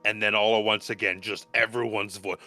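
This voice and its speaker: A man narrating as game master of a tabletop game, telling the story in an animated, expressive way. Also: fairly low pitch, fairly quick, faint music behind.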